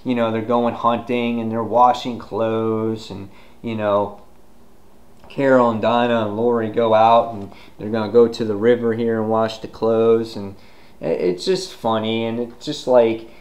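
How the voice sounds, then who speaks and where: A man giving a casual, rambling comic book review, full of fillers and retelling scenes with sudden loud outbursts. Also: fairly low pitch, level tone, a little slow.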